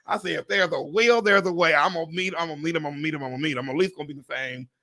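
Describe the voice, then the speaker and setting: A man hosting a livestream chat, telling a story with excitement, acting out what people said, swearing and laughing often. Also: fairly high pitch, racing. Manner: animated, acts out quotes, swears, laughs often. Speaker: real estate agent and livestream host.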